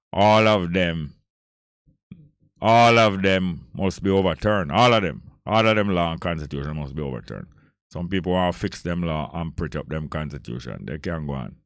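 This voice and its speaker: Jamaican male radio host, forceful repeating monologue, low resonant voice. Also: no room sound, studio quality. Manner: emphatic, repeats phrases for force.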